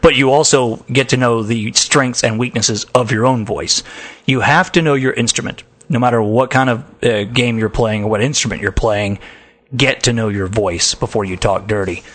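A man's voice: mid-range voice, normal speed, fairly bright tone. Frank, joking man hosting a podcast. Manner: frank, joking, laughs often; trained radio voice. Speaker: podcast host. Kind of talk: casual advice chat.

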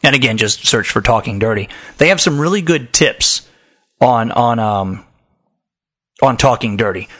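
A man's voice: medium pitch, lively intonation, moderate pace, a bit bright, breathy edge. A man with a trained radio voice hosting a casual, frank advice talk, joking and laughing often. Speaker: podcast host.

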